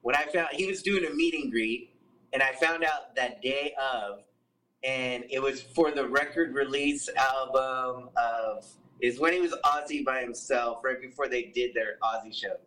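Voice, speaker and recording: A man telling a story as a podcast guest, animated and profane, acting out what other people said. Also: medium pitch, measured pace, distant mic, rough recording. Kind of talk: casual storytelling.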